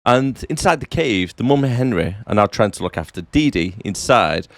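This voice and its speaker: A low-pitched man sums up a plot on a podcast in a relaxed way, often tagging on "don't we?". The recording is dry and close, with no room sound. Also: moderate pace, dry recording. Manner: relaxed, tag questions, short agreements. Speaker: podcast co-host. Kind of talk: casual chat.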